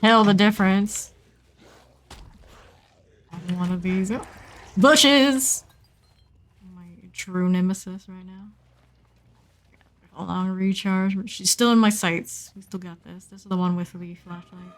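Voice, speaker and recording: Woman, game streamer, casual self-talk, playful, bursts of squealing, mid-pitched voice. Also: fairly even intonation, slow pace, pauses often. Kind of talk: casual gameplay commentary.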